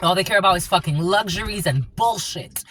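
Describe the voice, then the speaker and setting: A woman's voice: lowish voice, brisk, fairly bright tone, slight background noise. Blunt profane woman reading tarot. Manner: blunt, profane, laughs often. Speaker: tarot reader and channeler.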